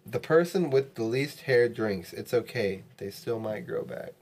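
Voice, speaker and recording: A man's voice: mid-range voice, expressive, a little slow, a little mellow. Man, podcast co-host, drunk casual chat, laughs and swears often. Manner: laughing, swearing, slurring as he drinks.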